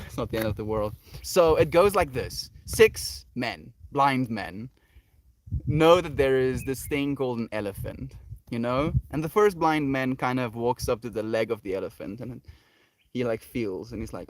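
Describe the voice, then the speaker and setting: A man with a somewhat high voice who talks slowly and reflectively on a livestream, drifting between thoughts with many fillers. The sound is dry and close, with almost no room around it. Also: expressive, no echo. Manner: soft, meandering, with many fillers and restarts. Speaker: livestream host. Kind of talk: reflective spiritual livestream talk.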